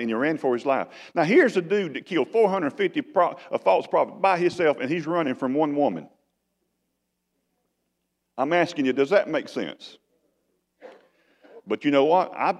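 A man preaching a sermon as pastor, with folksy, animated delivery. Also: mid-range voice. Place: church sanctuary. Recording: long church reverb.

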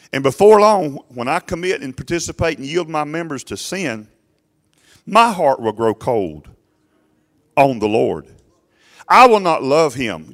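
A male pastor preaching a sermon emphatically to his congregation, often urging them to listen, his voice swelling loud and falling low. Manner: emphatic preaching, rising and dropping sharply in loudness; addresses congregation directly with repeated "listen".

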